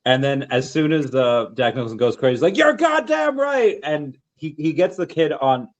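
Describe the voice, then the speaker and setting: A man hosting a podcast recalls a story in easygoing chat, sometimes pausing to find the right words. His voice sits at an ordinary middle pitch. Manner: relaxed retelling, searching for words. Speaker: podcast host. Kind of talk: casual chat.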